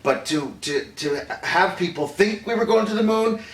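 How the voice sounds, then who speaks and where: An actor playing a male film director recalling a secret meeting, talking in a halting, hesitant way with many fillers and restarts. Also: high voice, lively intonation, a bit bright, distant mic. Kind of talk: improvised acting take. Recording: roomy, off-mic, faint background hiss.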